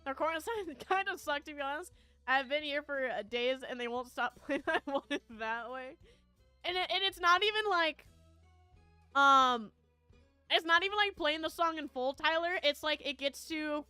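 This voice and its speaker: A chatty woman streamer with a high voice tells a rambling story to her viewers, laughing often and filling gaps with ums and likes. Her tone is bright and sharp, and soft music plays in the background. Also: normal speed, dry recording. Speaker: VTuber streamer. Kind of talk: casual chat with viewers, storytelling.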